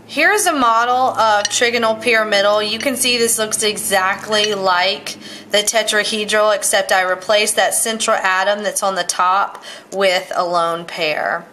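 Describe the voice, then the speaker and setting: A woman teaches chemistry with a bright, tense edge to her voice. She works through each step of a model in order and keeps checking in with "all right" as she goes. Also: mid-range voice, steady tone, unhurried, slight background noise. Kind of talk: explaining with a model.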